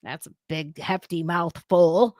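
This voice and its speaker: A woman's voice: fairly low pitch, fairly even intonation, slow pace, a little mellow, no room sound, studio quality. A woman hosting a casual political reaction show, blunt and heated, swearing freely and breaking into sudden outbursts. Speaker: political commentary host.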